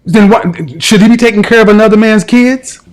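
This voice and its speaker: A man's voice: high-pitched, normal speed, rough recording. A man hosting a call-in advice show, questioning a caller bluntly. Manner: blunt, interrogating.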